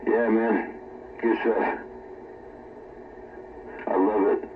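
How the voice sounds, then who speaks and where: A man with a fairly low voice talks very slowly and easily, often repeating himself. He sounds far from the mic over a narrow, phone-like radio channel. A faint hiss runs behind him. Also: steady tone. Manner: slow, laid-back, repeats short phrases. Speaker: radio chat participant. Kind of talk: casual chat.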